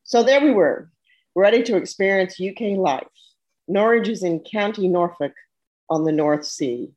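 A woman's voice: mid-range voice, expressive, unhurried, darkish tone, highs cut off. An older American woman hosting an interview show, talking in a chatty way with frequent restarts. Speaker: show host. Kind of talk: casual interview chat.

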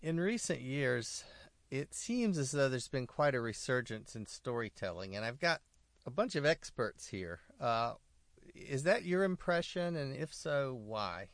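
Male talk host, inquisitive, animated pitch, dry close sound. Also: measured pace, no echo. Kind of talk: casual panel talk.

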